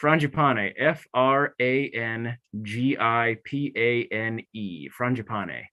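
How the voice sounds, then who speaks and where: A man competing in a spelling bee over a video call, thinking out loud and second-guessing himself before spelling. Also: mid-range voice, slow, highs cut off. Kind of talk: spelling aloud in a contest.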